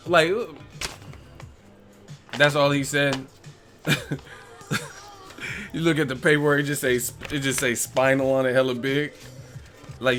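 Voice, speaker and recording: Man hosting a casual boxing stream: animated, laughs constantly, acts out the quotes, faint music underneath. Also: mid-range voice. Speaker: boxing commentary host. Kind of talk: casual live-stream rant.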